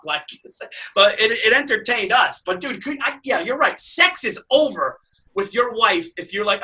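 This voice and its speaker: A high-pitched man chatting on a podcast in an excitable, swearing rush that rises into shouts. His voice is sharp and forceful. He sits a little back from the mic. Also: normal speed, distant mic, low-quality recording. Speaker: podcast co-host. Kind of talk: casual comedic chat.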